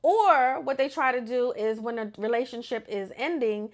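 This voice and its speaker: A young adult woman hosting a podcast, talking unscripted in a blunt, animated and profane way. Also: on the high side, normal speed. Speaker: podcast host.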